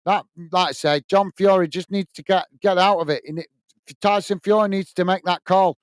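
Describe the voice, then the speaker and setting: A man with a high, smooth and clear voice hosts a live football watch-along in a dry, close sound. He chats in a blunt, opinionated way and answers viewer comments one by one. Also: fairly even intonation, normal speed, no room sound. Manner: chatty, reads viewer comments aloud and answers them. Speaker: host.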